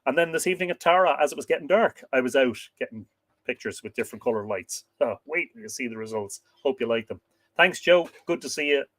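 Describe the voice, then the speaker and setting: A man's voice: medium pitch, lively intonation, fast talker, fairly bright tone, no room sound. A man with an Irish accent hosting a livestream, chatting casually and enthusiastically with viewers and laughing often. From Ireland. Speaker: livestream host. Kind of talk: casual livestream chat, reading viewer comments.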